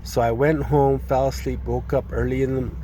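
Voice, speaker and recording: A man gives a personal testimony, retelling events in a halting, earnest and distressed manner, often restarting and repeating words. His voice is medium-pitched and level in tone, with a noisy background behind him.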